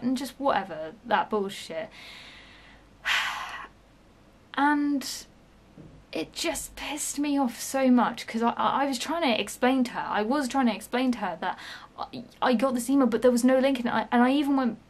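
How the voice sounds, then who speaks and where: A young-sounding woman talks to her camera in a loose, rambling rant about work. Her voice sits a little high, and she swears and restarts a lot as her frustration builds. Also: normal speed. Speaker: vlogger. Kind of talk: casual storytime rant.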